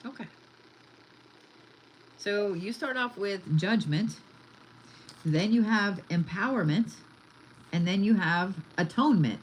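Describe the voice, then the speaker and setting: A woman's voice: medium pitch, lively intonation, slow, pauses often, a little hiss or hum, poor audio. A woman giving a casual card reading, chatty and blunt, swearing freely as she talks. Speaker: tarot reader.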